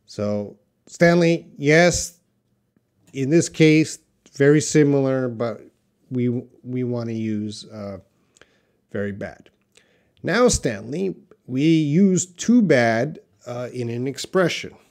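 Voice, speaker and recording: A man teaching English in a live-stream Q&A, slowly and patiently answering viewer questions with example sentences. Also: mid-range voice, a little mellow.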